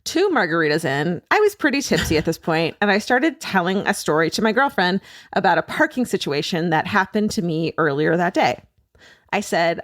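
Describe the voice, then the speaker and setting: Lively woman podcast host, dry studio. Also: on the low side, moderate pace, no echo. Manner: animated storyteller, laughs often, swears casually. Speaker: podcast co-host reading listener stories. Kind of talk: casual comedic podcast chat.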